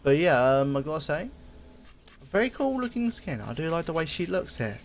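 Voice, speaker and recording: A man giving a casual review of game items, speaking in an easygoing, rambling way and often pausing with fillers. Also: fairly high pitch, sing-song, slight background noise. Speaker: gaming video creator.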